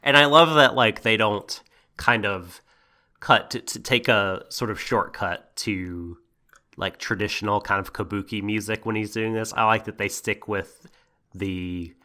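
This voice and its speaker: A man with a lower voice and a bright, forward tone, explaining things patiently on a casual podcast. He pauses and hesitates often as he works through his thoughts. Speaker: podcast co-host. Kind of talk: casual anime review chat.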